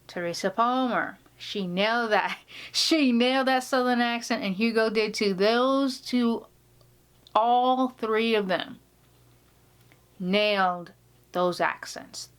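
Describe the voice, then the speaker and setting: A woman's voice: on the high side, slow pace, smooth. A woman vlogger talking casually to camera, gushing and rambling, sometimes dropping to a whisper.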